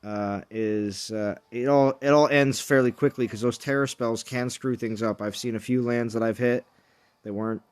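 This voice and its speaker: A man's voice: mid-range voice, steady tone, moderate pace, smooth. Chatty male game streamer. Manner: rambling, jokey, chatty with viewers. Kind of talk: casual live-stream chat.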